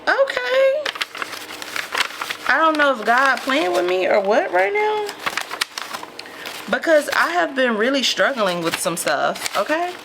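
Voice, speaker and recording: A woman's voice: sits high, big pitch swings, unhurried, vocal fry, very noisy. A woman vlogger chatting casually to her viewers while unboxing a mystery box, calling them y'all. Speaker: lifestyle vlogger.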